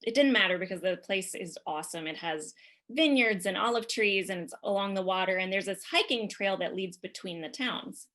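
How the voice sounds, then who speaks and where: Bright-voiced woman telling a story. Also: medium pitch, moderate pace. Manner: chatty, rambling with many fillers and laughs. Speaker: podcast guest. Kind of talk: casual comic storytelling.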